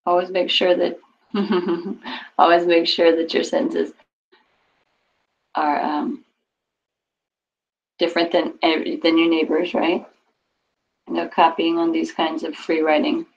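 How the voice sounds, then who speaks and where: A woman's voice: lowish voice, level tone, takes it slowly, gravelly, pauses often. A woman teaching Spanish to a class over a video call, explaining patiently and encouraging students. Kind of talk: online class instruction. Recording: dull lo-fi call audio.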